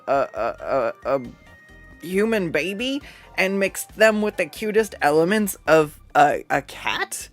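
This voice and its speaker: An artist streaming a drawing session, chatting casually, rambling, often laughing and swearing, and jumping up in pitch when acting out quotes. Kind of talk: casual chat while drawing on a livestream.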